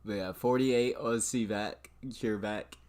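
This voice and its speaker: A young man from Arizona talks through stock trades on a livestream in a loose, profane, chatty way. He speaks slowly and sits a little low in pitch, often breaking off to laugh. The delivery is relaxed and unscripted. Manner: casual, profane, laughing asides. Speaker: stock trading streamer. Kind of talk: live trading commentary.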